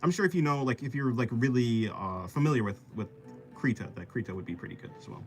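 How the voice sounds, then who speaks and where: A man from the US East Coast, an art streamer, chats casually with his livestream viewers while he draws. He talks fast and animatedly over soft background music, joking around playfully and slipping into silly squeaky voices.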